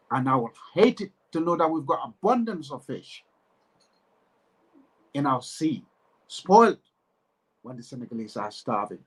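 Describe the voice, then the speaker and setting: Impassioned Gambian man, high voice. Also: rough recording. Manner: emphatic, repetitive, rising to anger. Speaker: political commentator. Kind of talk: impassioned political monologue.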